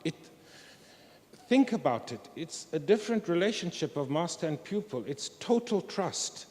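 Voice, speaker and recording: A man's voice: fairly high pitch, expressive, a little slow. Older man speaking in a reverberant hall. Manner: reflective, candid storytelling. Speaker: conference speaker. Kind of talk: academic conference talk. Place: large historic hall. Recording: long reverb of a large hall.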